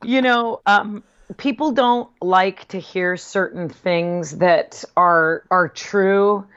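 A woman's voice: medium pitch, slow, fairly bright tone, smooth. Earnest woman co-host, dull sound. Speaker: podcast co-host. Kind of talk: casual chat.

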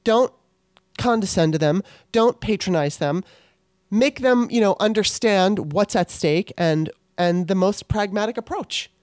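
In an unhurried, mid-range voice with a darkish tone, a woman podcast host talks solo and informally. She gets impassioned and worked up, swearing without restraint. The sound is clean studio audio with no echo.

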